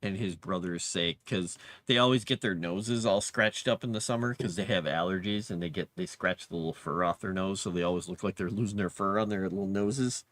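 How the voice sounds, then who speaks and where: While working on a fantasy map during a casual livestream, a man chats, mutters to himself and coos at his cat. His voice is low and fairly bright, a little fast with hardly any pauses, and there's no room sound.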